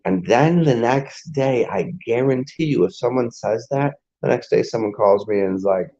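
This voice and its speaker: A man with a mellow, medium-pitched voice speaks at a moderate pace in a rambling, profane spiritual-vlogger monologue. He keeps restarting sentences, and the lo-fi audio is dull.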